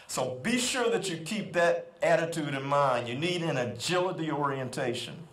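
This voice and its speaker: A man's voice: a little high, animated, normal speed, few pauses, fairly bright tone. A middle-aged man giving an emphatic motivational speech at an outdoor school ceremony, repeating his key phrases. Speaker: guest convocation speaker. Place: outdoor quad. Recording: echoey outdoor PA sound.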